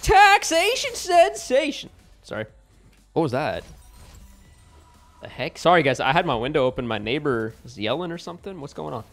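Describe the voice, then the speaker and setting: A man giving live gameplay commentary as a streamer at home, excitable and bursting into yells and laughs. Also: mid-range voice, a little fast, vocal fry, pauses often, soft background music. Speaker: gaming streamer. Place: home room with window open.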